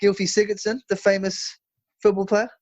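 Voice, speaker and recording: A man's voice: sits high, flat delivery, moderate pace, darkish tone. A man co-hosting a podcast over a video call, chatty and teasing as he questions his partner. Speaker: podcast co-host. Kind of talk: casual chat. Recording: dull, dry video-call audio.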